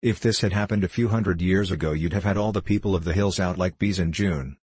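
A man's voice: deep voice, brisk, a little mellow, husky, dry recording. A man voicing an ancient, kindly male hill sprite in an audiobook, with a playful, sing-song way of chanting his words. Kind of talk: audiobook character reading.

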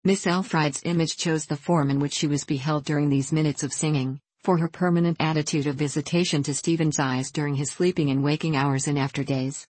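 A woman narrating a classic novel in a measured, literary reading. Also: low-pitched, fairly even intonation, darkish tone, no room sound. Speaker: audiobook narrator. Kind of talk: scripted narration.

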